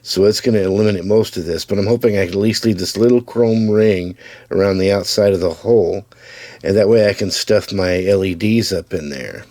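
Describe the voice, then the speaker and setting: A man with a low voice gives a casual build update, pointing out parts as he handles a model car. He stays easygoing and plain, with small restarts now and then. The sound is dry, with little room around it. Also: fairly quick, mellow, no echo. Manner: easygoing, talks to camera while showing parts, with small restarts. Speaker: hobbyist building custom slot cars.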